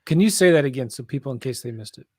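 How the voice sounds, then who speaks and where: A man's voice: medium pitch, expressive, very fast, darkish tone, no room sound, studio quality. A man hosting an interview who asks short follow-up questions and prompts his guest to go on. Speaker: podcast host.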